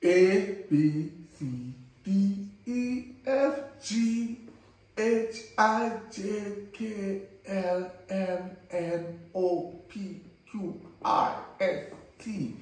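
A man with a Jamaican accent playing a cheeky grandson who teasingly corrects his grandmother's words, drawing them out slowly. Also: sits high, recorded from a distance. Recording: roomy echo.

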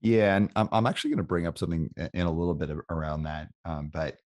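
A man hosting a podcast and telling a story in a chatty, animated way. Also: low-pitched, quick pace. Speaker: podcast host. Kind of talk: casual storytelling in an interview.

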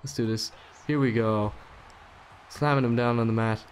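A young man giving casual, excitable commentary over his own wrestling video game match, swearing and taunting the opponent. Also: medium pitch, normal speed, a little hiss or hum. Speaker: gaming YouTuber.

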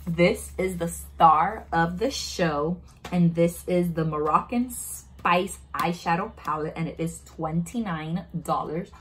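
Low-voiced woman, chatty makeup vlog. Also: takes it slowly, poor audio. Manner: chatty, self-narrating, easily delighted. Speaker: beauty vlogger. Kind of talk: casual makeup unboxing chat.

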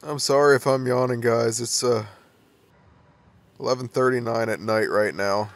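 A man's voice: mid-range voice, expressive, unhurried, gravelly. A young man playing a horror game and commenting on it, nervous and jumpy, laughing off the scares. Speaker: let's play gamer.

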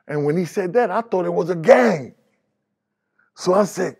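A man's voice: fairly high pitch, expressive, normal speed, gravelly, a little mellow, slightly rough. A man giving his spoken testimony as a preacher, candid and plainspoken with street phrasing, rising animatedly when he retells conversations.

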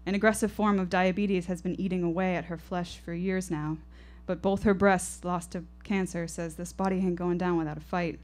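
Young woman reading her own story on stage, lowish voice, reflective. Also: fairly even intonation, normal speed, hardly any pauses, a little mellow. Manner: vivid, reflective first-person narration. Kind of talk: live storytelling performance. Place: stage at a live show.

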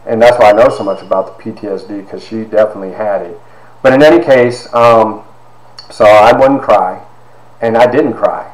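A man in his fifties giving a personal testimony, halting with fillers and acting out quoted dialogue. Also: fairly low pitch, a crowd in the background. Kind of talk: personal storytelling talk. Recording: roomy echo.

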